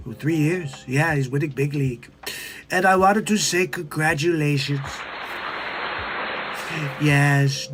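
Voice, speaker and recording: A man's voice: fairly high pitch, lightly acted. A man doing a comic impression of a boastful older male tycoon politician who keeps repeating his catchphrases. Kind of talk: comedic celebrity impression.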